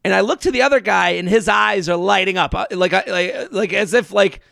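A male comedian chats on a podcast in a high, bright voice, telling long rambling stories full of restarts. His voice has a gravelly fry to it, and the recording is dry and close. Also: brisk, no room sound. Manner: rambling storyteller, stumbling restarts and mimicked voices. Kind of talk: casual podcast chat.

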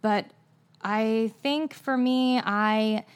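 A woman's voice: on the high side, fairly even intonation, extremely slow, smooth. An earnest woman who is a guest on a podcast. She chats casually in rambling asides and says "like" a lot. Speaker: actress guest. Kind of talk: casual chat.

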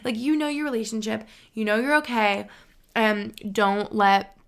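A woman's voice: fairly high pitch, moderate pace, a bit bright, smooth. A young woman in her twenties hosting a podcast, giving earnest relationship advice in a chatty, filler-heavy way. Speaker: podcast host. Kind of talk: casual advice chat.

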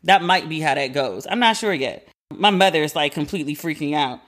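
A woman in her forties hosting a podcast, chatting casually and animatedly, slangy, acting out quoted people in a higher voice. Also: lively intonation, fairly quick, fairly bright tone. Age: 40s. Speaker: podcast host. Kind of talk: casual chat.

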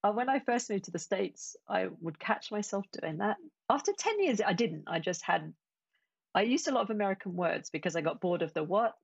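A woman's voice: medium pitch, lively intonation, fairly quick, gravelly, breathy edge, no echo, muffled recording. A woman from England, chatting casually with many restarts and quoted asides. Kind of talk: casual chat.

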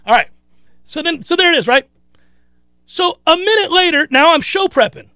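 A man hosting a sports talk show, telling a story in a casual, animated way and acting out other people's lines. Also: very high-pitched, moderate pace, no room sound, clean studio sound. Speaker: sports radio host.

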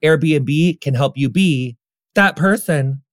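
A man's voice: a little high, slow pace. A man in his thirties hosting a podcast in casual chat, effusive and gushing, calling people honey and saying like a lot. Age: 30s. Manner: effusive and gushing, calls listeners honey, heavy use of like. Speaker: podcast host.

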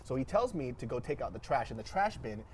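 A man as a podcast guest, telling a story in casual, animated talk, swearing and laughing through it. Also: medium pitch, fast talker, slight background noise.

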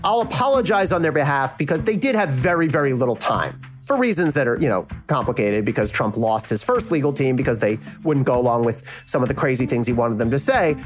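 South Jersey man, former prosecutor, blunt and animated, lively delivery. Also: mid-range voice, brisk, hardly any pauses, soft background music. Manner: frank, animated, acts out quoted reactions. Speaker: legal analyst and former prosecutor. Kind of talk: casual interview.

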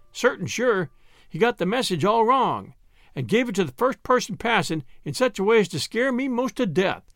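A man's voice: sits high, a bit bright, dry recording, exaggerated voice. A man voicing a bustling country mother who rattles on breathlessly. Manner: rapid chatty storytelling.

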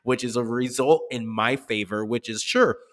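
A man's voice: medium pitch, moderate pace, fairly bright tone, big-room sound. A man co-hosting a casual soccer podcast, blunt and profane, laughing often. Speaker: podcast co-host. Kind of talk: casual sports podcast chat.

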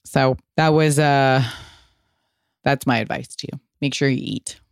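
A woman's voice: extremely low pitch, fairly even intonation, unhurried, vocal fry, dry recording, studio quality. A woman in her thirties hosting a podcast, telling a story in a chatty way, full of "like" and casual swearing. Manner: chatty, frequent "like" fillers and swearing. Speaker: podcast host.

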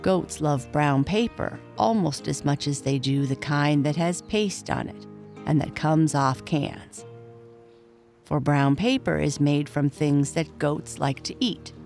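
A woman narrating a children's storybook, gently addressing boys and girls. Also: deep voice.

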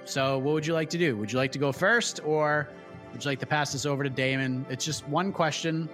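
A playful man running a panel like a quiz, with a slightly raised pitch. He reads out options and keeps time. Faint music sits underneath. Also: steady tone, a little fast, fairly bright tone. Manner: playful, quizmaster-like. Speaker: host. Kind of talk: game-style panel hosting.

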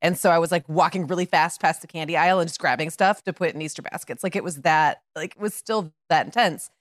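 Woman co-host, middle-aged, slightly croaky, dry close mic, casual rambling delivery. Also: on the low side, quick pace, dry recording. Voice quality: croaky in the morning. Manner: rambling, searches for words. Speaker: podcast co-host. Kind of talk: casual podcast chat.

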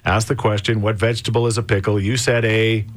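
A man's voice: lowish voice, little pitch movement, brisk, dry recording. A middle-aged man hosting a radio morning show, chatting casually, reading listener texts and laughing often. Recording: music bed behind the voice.

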